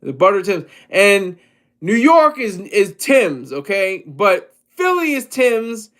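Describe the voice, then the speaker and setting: With a high-pitched, slightly bright voice, this Delaware man speaks slowly and swings widely in pitch. As a vlogger, he offers rambling, jokey solo commentary and often interrupts himself mid-word.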